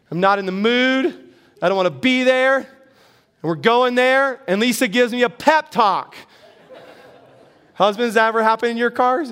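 A man's voice: extremely high pitch, fairly bright tone, clean tone. A middle-aged man preaching a sermon as pastor, conversational, asking the congregation questions and joking about himself. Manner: conversational, asks the congregation questions, self-deprecating humor.

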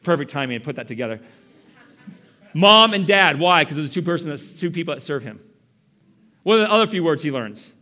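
Animated, bright-voiced male preacher. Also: a little high, fairly quick, long pauses. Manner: animated, jokey preaching with audience questions. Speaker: pastor. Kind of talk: sermon.

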